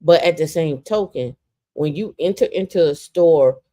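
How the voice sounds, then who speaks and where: Lively, storytelling woman with a lowish voice. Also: normal speed. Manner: animated storyteller, swinging into lively voices for quotes; frequent "like" and repeated restarts. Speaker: podcast co-host. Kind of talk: casual podcast storytelling.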